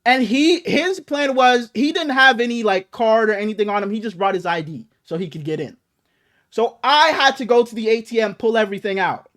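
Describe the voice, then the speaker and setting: A young man co-hosting a podcast, telling a long story in a casual, animated way, swearing freely. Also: high-pitched, a little fast. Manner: animated, profane storytelling with acted quotes. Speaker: podcast co-host.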